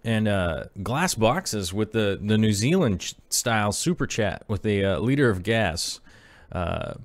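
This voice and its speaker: A man's voice: lowish voice, lively intonation, a little slow, no echo. A man in his thirties hosting a casual live stream, rambling with many fillers and reading viewer messages aloud. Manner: rambling, filler-heavy, reads chat aloud. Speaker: aquarium channel host.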